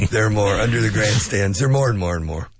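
A man's voice: on the low side, expressive, brisk, husky. A man hosting a casual radio English lesson, joking and laughing a lot, dropping Spanish phrases, and losing his voice. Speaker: radio host teaching English.

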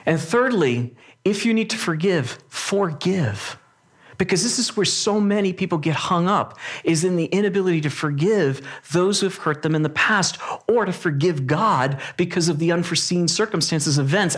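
Man, pastor, earnest emphatic sermon, somewhat high voice, restarts sentences. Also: moderate pace, a bit bright. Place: church or hall with a live audience.

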